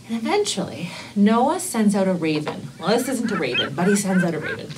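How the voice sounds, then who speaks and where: A woman teaching Sunday school, telling a Bible story to children expressively, slowing for emphasis and dropping to whispers. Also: mid-range voice, big pitch swings, noisy background.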